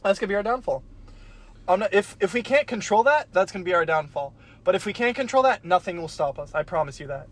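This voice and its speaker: A man's voice: high-pitched, lively intonation, fast. A young man in his early twenties on a casual podcast, stating opinions bluntly and swearing freely. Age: young adult. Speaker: podcast co-host. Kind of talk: casual chat.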